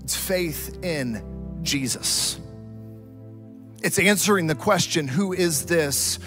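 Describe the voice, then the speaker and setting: High-voiced preacher, dramatic. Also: male voice, slow pace, long pauses, faint music behind. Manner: dramatic storytelling, swings from loud to hushed. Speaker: pastor. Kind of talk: sermon.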